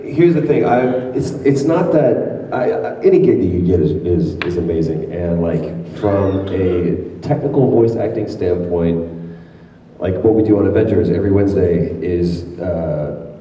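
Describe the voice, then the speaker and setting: A man's voice: deep voice, expressive, unhurried, dark tone, a little hiss or hum. A man telling stories at a convention panel, rambling and restarting his sentences, often laughing. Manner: rambling, self-interrupting storyteller with frequent laughs. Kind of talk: casual panel talk. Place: large convention hall. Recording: echoey hall from far off.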